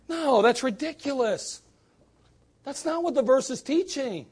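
A man with a notably high voice preaching at a church service. He presses his points with rhetorical questions and dry, sarcastic asides. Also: animated, a little slow, darkish tone, slightly rough. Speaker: pastor. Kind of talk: sermon.

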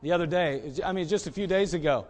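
A man's voice: fairly high pitch, fast talker, darkish tone. A middle-aged man, a pastor, preaching emphatically and telling a story. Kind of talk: sermon.

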